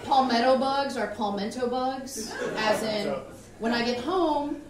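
A woman doing a stand-up set, telling animated, self-mocking stories about her mother on a comedy club stage. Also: on the high side, measured pace. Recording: echoey club from far off, crowd.

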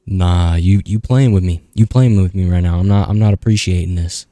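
A young man rambles through loose gameplay commentary, swearing and shouting at characters on screen. His voice sits very low and dark. The sound is dry and close, with no room around it. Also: steady tone, brisk, few pauses, no room sound. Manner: rambling, profane, talks back at the screen. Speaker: gaming YouTuber.

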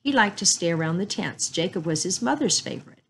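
A woman storyteller reading a chapter book and a Bible story aloud in a calm, measured way. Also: lowish voice, vocal fry, a little hiss or hum, low-quality recording.

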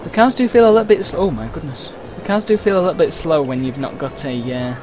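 A man's voice: on the high side, animated, fast, a little mellow. A man giving casual, rambling let's-play commentary while racing, full of uhs, side stories and playful exclamations. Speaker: gameplay commentator. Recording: game music and sound effects behind the voice.

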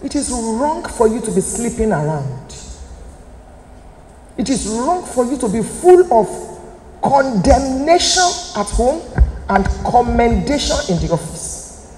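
A woman's voice: fairly high pitch, big pitch swings, unhurried, darkish tone. A Nigerian woman in her fifties, giving an emphatic, preacherly motivational talk that appeals directly to her audience. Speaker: motivational speaker. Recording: echoey hall, faint room noise.

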